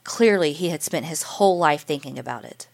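A woman tells a first-person story as a teacher, reading in an earnest and emotional way. Her voice sits on the lower side for a woman. It is a scripted narration. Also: lively intonation, fairly quick, vocal fry.

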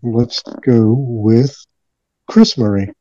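A man guesting on a casual podcast talks slowly in a laid-back drawl. His voice is very dark and mellow. He comes through a dull, lo-fi line with a dry sound. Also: medium pitch. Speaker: guest, former professor. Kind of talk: casual chat.

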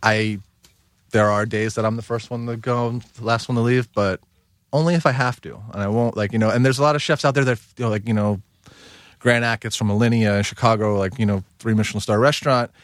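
Man, guest chef, rambling casual talk, lower voice, dry close sound. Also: steady tone, a little fast, no room sound. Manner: rambling, many fillers like "you know" and "like". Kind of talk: casual podcast conversation.

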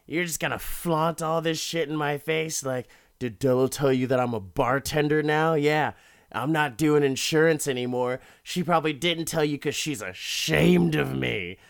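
A man voicing a jealous, drunk man who sneers and yells sarcastically, pitched above his normal voice. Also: lively intonation, unhurried, dry recording, studio quality. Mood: bitter yelling.

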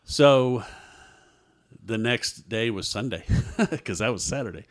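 A man's voice: mid-range voice, lively intonation, takes it slowly. A man, a guest earnestly telling a personal story in an interview and acting out what others said. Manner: earnest storyteller who acts out others' dialogue.

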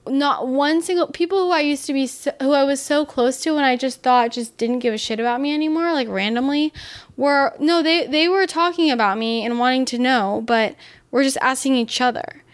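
A young adult woman telling a personal story in casual, candid talk, full of fillers and blunt swearing. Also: normal speed. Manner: grows heated and higher when upset.

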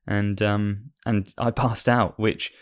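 A man's voice: on the low side, level tone, slow pace. A married man co-hosting a casual film podcast, talking in a rambling, self-mocking way. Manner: self-deprecating, rambling with restarts and laughs. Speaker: podcast co-host.

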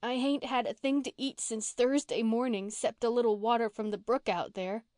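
A scrappy, half-starved runaway girl of about twelve, as a woman reader puts her on, rattling on in blunt country slang. Her voice sits up high and carries, and the recording is dry and close, with no room around it. It fits a storybook read aloud. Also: steady tone, normal speed, darkish tone, dry recording, natural voice. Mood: pleading. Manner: rough country dialect, blunt and chattering.

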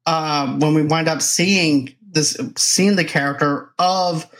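A man's voice: a little high, fairly even intonation, slow, a bit bright. A chatty man hosting a casual movie review conversation. He talks in loose, run-on sentences and slips into quoted reactions to make his points. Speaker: podcast host.

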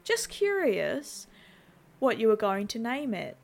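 A woman voicing blunt, sarcastic male police officers within her own narration, raising her pitch and volume for their lines. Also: very animated, slow, gravelly, full character voice. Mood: dry.

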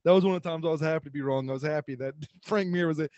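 A man's voice: fairly high pitch, racing, a little mellow, no room sound, muffled recording. A man co-hosting a podcast in casual chat, rambling with frequent laughs and restarts. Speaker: podcast co-host.

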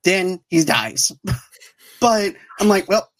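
A woman co-hosting a casual podcast, talking with excited fan enthusiasm. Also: lowish voice, takes it slowly, poor audio. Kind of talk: casual chat.

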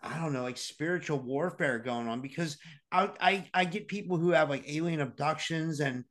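A man's voice: a little high, normal speed, fairly bright tone. A man interviewing a guest casually, stammering and hesitant as he builds up his questions.

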